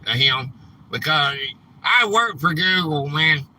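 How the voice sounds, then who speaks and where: High, bright man on a live stream. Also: expressive, slow, low-quality recording. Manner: rambling, easily frustrated, says "man" often. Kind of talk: casual live stream chat.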